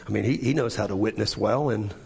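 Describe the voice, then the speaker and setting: A man preaching a sermon, telling a personal story in an earnest, halting way with many restarts. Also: lowish voice, gravelly, darkish tone, slightly rough. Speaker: pastor. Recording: echoey hall with long reverb.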